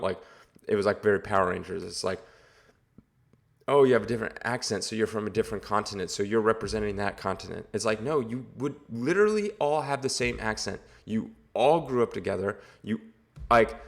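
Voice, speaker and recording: A man giving a casual, rambling movie review, exasperated and full of filler words. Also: on the low side. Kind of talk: casual video review rant.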